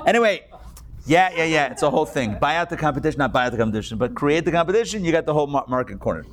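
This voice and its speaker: Rabbi guy teaching a live class, kinda high voice, cracking jokes and chatting w the audience. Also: lively intonation, rapid-fire. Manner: joking, chatty, digressive, talks with the audience.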